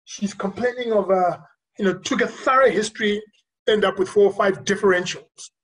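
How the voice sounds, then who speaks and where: Physician speaker, earnest, reflective storyteller, pauses often. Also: mid-range voice, rough recording. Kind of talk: virtual conference talk, personal storytelling. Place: remote recording for a virtual conference.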